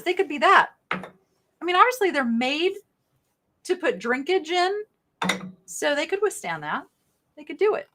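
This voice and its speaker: Middle-aged woman host, slightly high voice, chatty and rambling, live-sale patter. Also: sing-song, measured pace, long pauses, a bit bright, slight background noise. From American South. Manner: chatty, rambling, thinks aloud. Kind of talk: casual live selling chat.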